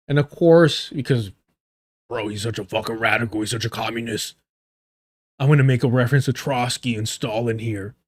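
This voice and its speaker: A man reacting to clips on a livestream, swearing a lot and mocking the people he covers. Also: mid-range voice. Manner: profane, mocking, mimics people in exaggerated voices. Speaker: livestream commentator.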